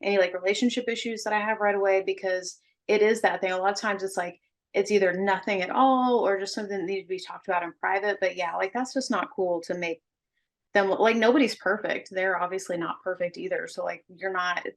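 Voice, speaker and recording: A woman's voice: mid-range voice, fairly even intonation, brisk. A woman with a mid-range voice talks earnestly on a casual podcast. She gives her views openly and keeps saying "like" as she works through her thoughts. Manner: opinionated, earnest, many "like" fillers. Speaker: podcast co-host.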